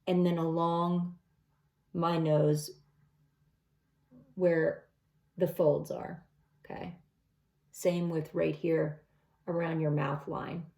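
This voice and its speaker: A woman's voice: low voice, fairly even intonation, slow pace, gravelly, long pauses, a little mellow. A middle-aged woman talking through a makeup tutorial step by step in a casual, chatty way. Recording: echoey room.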